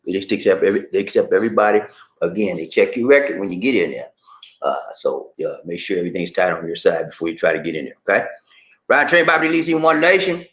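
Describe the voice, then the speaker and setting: In an echoey room, a low-pitched man speaks fast during a casual live stream from his home in the Philippines. A vlog host from Charleston, South Carolina with a Gullah Geechee accent, he's animated, laughs frequently, and reads comments from viewers.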